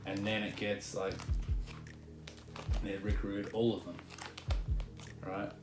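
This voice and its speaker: Excitable man in a roomy space. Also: on the low side, slow. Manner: animated storyteller, excitable. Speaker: guest collector showing his collection. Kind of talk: casual chat. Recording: roomy echo with music behind.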